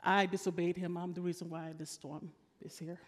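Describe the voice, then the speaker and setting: A woman's voice: fairly low pitch, little pitch movement, normal speed, lightly acted. A woman preacher voicing an earnest prophet Jonah. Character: honest prophet Jonah confessing, man. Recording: long reverb of a large hall.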